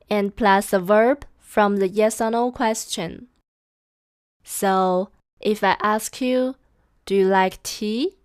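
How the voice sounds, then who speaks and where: A woman teaching a language lesson, explaining step by step and repeating model phrases slowly and carefully. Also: medium pitch, clear, resonant tone, no room sound, clean studio sound.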